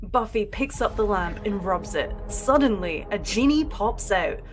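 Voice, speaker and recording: A woman's voice: medium pitch, animated, measured pace, soft background music. A woman co-hosting a paranormal podcast, reading a silly story aloud and giggling now and then. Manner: reads narration with frequent giggles. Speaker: podcast co-host.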